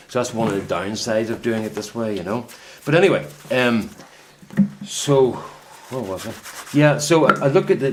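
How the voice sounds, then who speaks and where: A man's voice: fairly low pitch, a little hiss or hum. A man with a Northern Irish accent chatting casually to camera from his greenhouse, rambling and correcting himself as he tells a story. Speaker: vlogger. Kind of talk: casual chat.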